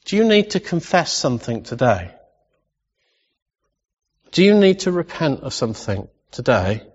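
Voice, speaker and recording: A man's voice: fairly high pitch, big pitch swings, a little slow, breathy edge. Impassioned preacher man in a reverberant hall. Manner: impassioned, rising to loud exclamations. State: emotional. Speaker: pastor. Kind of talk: sermon. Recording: dull lo-fi sound with long reverb.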